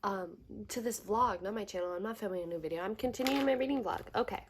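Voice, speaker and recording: A woman's voice: medium pitch, fast talker, a little hiss or hum. A young woman chatting casually at home in a book vlog, gushing, swearing freely and laughing often. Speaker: book vlogger. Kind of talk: casual reading vlog chat.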